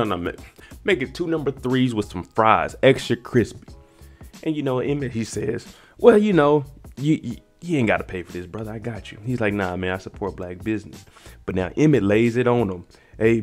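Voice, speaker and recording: A young man hosting a casual TV recap, chatting and quickly acting out the characters' lines. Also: on the low side. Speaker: recap host.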